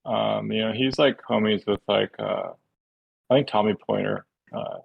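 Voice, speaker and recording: A man chatting casually as a podcast guest, halting and laid-back, full of fillers and restarts. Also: fairly low pitch, vocal fry, husky, no room sound, phone-quality sound. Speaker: podcast guest, shoe designer. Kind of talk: casual chat.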